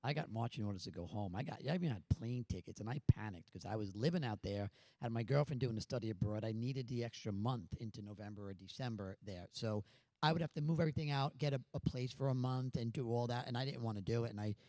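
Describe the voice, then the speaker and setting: A man's voice: mid-range voice, fast talker, dry recording. A man on a panel telling a long story from his acting days. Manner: storytelling, animated, does put-on voices. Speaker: actor on a panel. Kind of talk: anecdote at a panel. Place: stage at a symposium.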